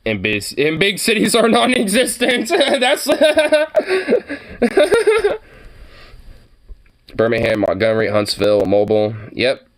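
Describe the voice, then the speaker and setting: A man's voice: lowish voice, animated, a little fast, hardly any pauses, fairly bright tone. Rambling, profane man from Oregon. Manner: rambling, profane, laughs a lot. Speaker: reaction video host. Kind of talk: casual reaction commentary.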